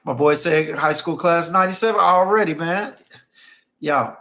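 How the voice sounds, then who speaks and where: A man's voice: on the high side, moderate pace, pushed and bright. A man hosting a stream, telling casual stories in an emphatic way and often repeating phrases for effect. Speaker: livestream host reading chat. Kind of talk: casual storytelling chat.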